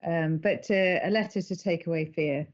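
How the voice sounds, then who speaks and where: A middle-aged woman, an animated storyteller who laughs often as a podcast guest. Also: fairly low pitch, moderate pace, dull audio. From England. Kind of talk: conversational interview.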